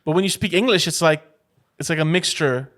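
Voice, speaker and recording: A man's voice: fairly high pitch, brisk, fairly bright tone. A man co-hosting a podcast in casual chat, teasing his friend and rambling with plenty of restarts. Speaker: podcast co-host.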